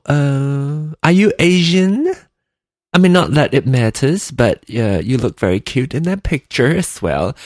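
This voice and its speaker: A man's voice: medium pitch, dry recording, studio quality. A man hosting a solo podcast, rambling and giggling with many fillers, just woken up. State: just woke up, clammy. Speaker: podcast host. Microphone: desk mic at computer.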